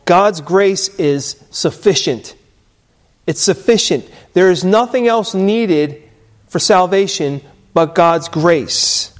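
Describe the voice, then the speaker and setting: A pastor delivering a sermon in a notably high voice. He speaks slowly and deliberately, leaning on key phrases and letting them fall to a hush. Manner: slow, emphatic preaching with dramatic drops in volume.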